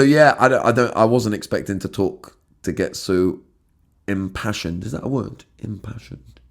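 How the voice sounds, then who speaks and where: A man hosting his own podcast, talking earnestly and emotionally, often stumbling and restarting his words, with casual swearing. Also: low-pitched. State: emotional, has been crying. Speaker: podcast host. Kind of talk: emotional solo podcast monologue.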